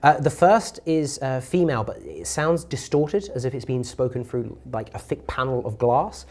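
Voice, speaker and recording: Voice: medium pitch, animated, moderate pace, a little mellow. A game master narrating a tabletop game in an explanatory way, with frequent fillers.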